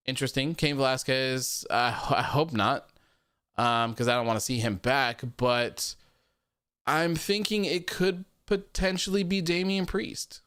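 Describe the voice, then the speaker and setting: A man's voice: medium pitch, fairly even intonation, a little slow, a bit bright, clear, resonant tone, no room sound, clean studio sound. A man hosting a casual post-show chat, reading viewer comments aloud in a loose, repetitive way with frequent laughs. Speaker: podcast host.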